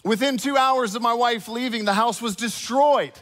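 A fairly high-pitched man preaches in a big church hall, and his voice rings out with a long echo. He drifts from scripture into conversational asides and animated storytelling, checking in with the congregation as he goes. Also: moderate pace. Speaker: pastor. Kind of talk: sermon.

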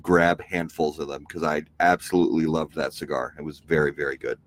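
A man with a very deep, low voice talks in an easygoing, rambling way. He co-hosts a casual podcast chat and fills his sentences with ums and uhs. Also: a little fast, a little hiss or hum. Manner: relaxed, rambling, many fillers. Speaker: podcast co-host.

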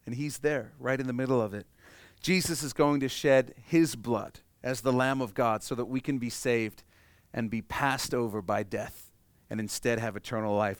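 A man preaching a sermon in a conversational way, moving between quiet, hushed stretches and loud, animated ones. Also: mid-range voice, smooth, dry recording. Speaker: pastor.

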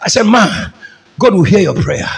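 A man preaching a fervent sermon as pastor, often shouting and calling the congregation to say amen. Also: sits high, lively intonation, moderate pace, creaky, background noise.

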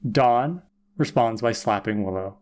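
A man's voice: on the low side, unhurried, darkish tone. A man co-hosting a podcast, retelling episode plot in a wry, casual way. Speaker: podcast co-host. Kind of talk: casual recap chat.

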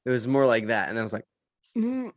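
A man in casual podcast chat, a pastor and co-host telling animated stories and laughing often. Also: fairly low pitch, rapid-fire, no room sound.

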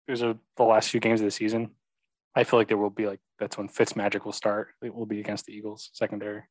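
A man's voice: fairly low pitch, completely flat delivery, fast talker, no room sound, rough recording. A young man chatting about football, agreeable and hesitant, full of ums and yeahs. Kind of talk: casual sports chat.

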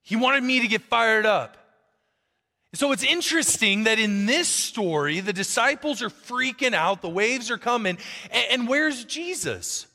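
A man preaching a sermon as pastor, animated and conversational, acting out quotes from the people in his stories. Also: very high-pitched, measured pace, big-room sound.

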